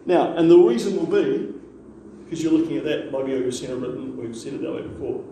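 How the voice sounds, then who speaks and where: A man's voice: on the high side, lively intonation, a little fast, vocal fry, mellow, slight background noise. A man teaching a language class, patiently repeating words for the students to echo. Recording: echoey room, mic far off.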